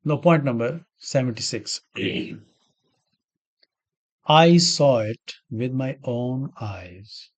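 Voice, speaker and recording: An English grammar teacher speaks extremely slowly, with long pauses, in a medium-pitched voice. He works through example sentences stage by stage, repeating key words and answering his own questions.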